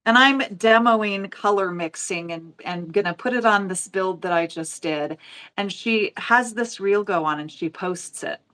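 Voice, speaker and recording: An unhurried, medium-pitched voice with a fairly bright tone belongs to a forties-aged nail educator from the US. In relaxed chat she shares emotional stories, voicing the people in them.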